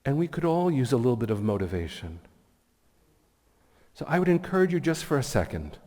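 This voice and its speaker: A man's voice: mid-range voice, sing-song, a little fast, a little mellow. A man giving a keynote sermon as a rabbi, telling stories in an earnest, reflective way and offering blessings. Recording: long hall reverb.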